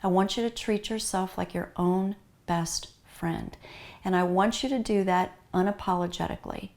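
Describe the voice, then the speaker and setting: A woman's voice: mid-range voice, fairly even intonation, normal speed. A middle-aged woman with a North American accent gives an earnest, heartfelt talk to grieving pet owners, urging them again and again. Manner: earnest, repetitive, warmly urging. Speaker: pet loss grief speaker.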